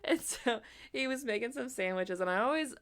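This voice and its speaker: A young adult woman co-hosting a podcast in casual chat, telling stories and acting out quotes with lively shifts. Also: fairly quick. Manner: animated storyteller, acts out quotes in a high voice. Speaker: podcast co-host.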